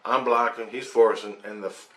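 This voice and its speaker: A man's voice: on the low side, steady tone, moderate pace, bright, forceful tone. A man intensely recounting a personal experience, emphatic, swearing and making sound effects as he tells it. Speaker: storyteller. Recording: roomy sound with faint background noise.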